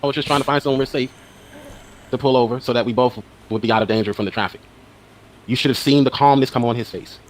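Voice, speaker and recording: A man delivers argumentative commentary in a brisk, rapid flow. He pushes the same pointed questions over and over, with faint noise under the recording. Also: mid-range voice. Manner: presses his questions repeatedly. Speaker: commentator in the reacted video.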